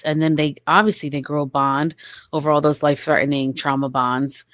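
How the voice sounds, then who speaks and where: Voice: medium pitch, level tone, fairly quick, fairly bright tone, no room sound. A podcast co-host in casual conversation, retelling a TV scene by quoting its lines. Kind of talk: casual TV review chat.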